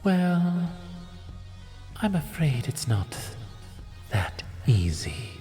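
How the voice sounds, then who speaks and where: A woman doing a hushed, mocking disembodied voice. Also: low voice, big pitch swings, drawn-out words, long reverb tail, faint music behind, pitched below the performer's own voice, full character voice. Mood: menacing, mocking. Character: sinister disembodied voice guarding a book. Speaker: game master.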